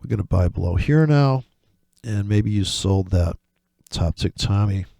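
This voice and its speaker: A man giving casual, rambling commentary over trading charts, swearing often and breaking into excited, mocking asides. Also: fairly low pitch, a little slow, vocal fry, no room sound. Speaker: forex trading vlogger.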